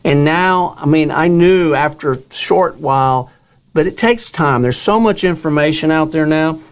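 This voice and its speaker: A man's voice: a little high, unhurried. An older man, a guest author, telling his own story in an interview and acting out the dialogue he quotes.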